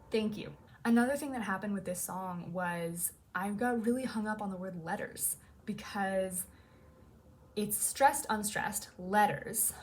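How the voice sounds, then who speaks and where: A woman's voice: medium pitch, a little hiss or hum. A woman songwriter casually explaining her song to viewers. She is upbeat and hums rhythms aloud as she talks.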